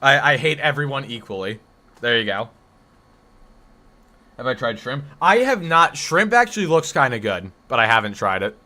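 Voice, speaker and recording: On his live stream, a man from the US Northeast answers chat messages in a casual, rambling manner, often correcting himself. He speaks at normal speed in a medium-pitched, sing-song voice that is bright and forward.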